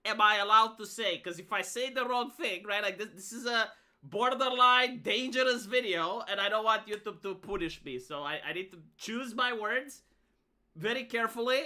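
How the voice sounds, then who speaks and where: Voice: mid-range voice, moderate pace, bright, forceful tone. A VTuber streamer giving live reaction commentary, rambling and stammering, with a sarcastic edge.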